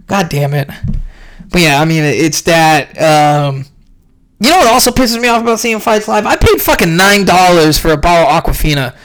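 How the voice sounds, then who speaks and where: A young man ranting casually about a fight event, profane and rambling, clearly irritated. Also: fairly high pitch, normal speed, a bit bright. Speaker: podcast host recapping a fight event.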